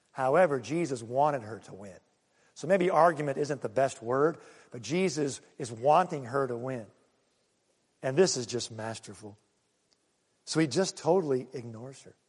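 A male pastor preaching a sermon, swinging between loud calls and quiet low asides. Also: in a large hall.

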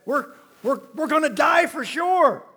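Preacher guy doing a freaked out husband, loud, keeps yelling it over and over. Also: very high-pitched, expressive, a little slow, voice pushed up, exaggerated voice. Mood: panicked. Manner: loud, frantic repetition. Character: panicked biblical husband fearing death.

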